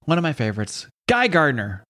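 A man's voice: a little high, wildly swooping pitch, fairly quick, pushed and bright. A man hosting a casual podcast, recapping a comic book in an irreverent, profane way and laughing often. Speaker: podcast host.

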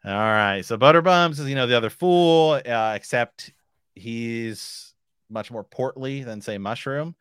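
A man's voice: mid-range voice, a little slow, fairly bright tone, clean tone, dry recording, studio quality. A man hosting a podcast, chatting casually and reading book passages aloud, rambling with lots of filler phrases. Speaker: podcast host.

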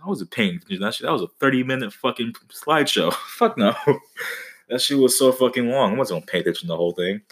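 A man's voice: mid-range voice, lively intonation, quick pace, a bit bright. A young man hosting a podcast, telling stories in a profane, joking way with mock-dramatic outbursts. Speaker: podcast host. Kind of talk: casual comedic monologue.

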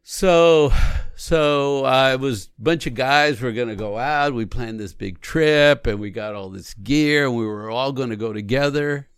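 A man's voice: medium pitch, a little slow, few pauses, clear, resonant tone, no echo, clean studio sound. A man coaching others on how to listen, talking earnestly and acting out example lines. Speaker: relationship coach. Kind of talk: teaching conversation.

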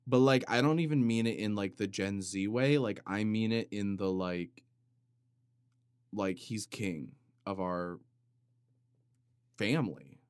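A man hosting a comedic solo podcast, rambling in a deadpan way with sudden loud bursts and some vocal fry. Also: fairly low pitch, slow pace, long pauses, dry recording. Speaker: podcast host. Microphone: studio microphone.

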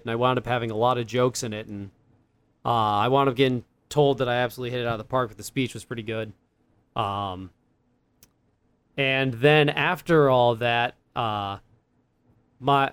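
Smooth-voiced young man telling stories. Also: medium pitch, a bit bright, no room sound. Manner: rambling, many fillers and laughs. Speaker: podcast co-host. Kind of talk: casual storytelling chat.

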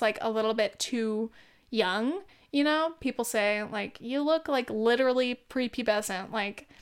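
A young woman in her twenties, a vlogger, chats casually and rambles, filling her talk with "like," swearing freely, and laughing often. Her voice is on the high side, a bit bright, and clean in tone.

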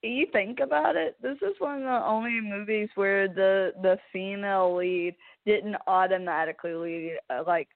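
A woman in casual chat, lively, chiming in and laughing along. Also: mid-range voice, normal speed, gravelly, few pauses, no room sound. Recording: dry, tinny phone-like sound.

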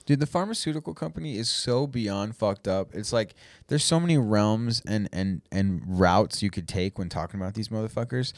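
A man's voice: lowish voice, moderate pace, hardly any pauses, no echo, studio quality. A man co-hosting a podcast in casual banter, laid-back and drifting into long explanatory asides. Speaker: podcast co-host.

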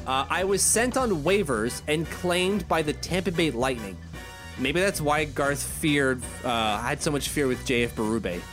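A man with a somewhat higher voice co-hosts a casual podcast. He talks in a chatty, rambling way, often stopping to correct himself. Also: expressive, a little slow, over music. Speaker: podcast co-host.

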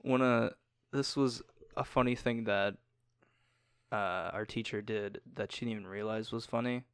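A man's voice: lowish voice, steady tone, moderate pace, smooth, no echo, studio quality. A young man, a guest on a podcast, telling school stories in a casual chat, quoting the people in them and laughing along.

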